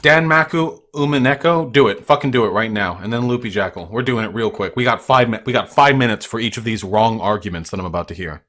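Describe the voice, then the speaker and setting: A man's voice: on the low side, fast, hardly any pauses, fairly bright tone. A young man hosting a livestream, ranting at his chat in a profane, combative and mocking way. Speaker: livestream host.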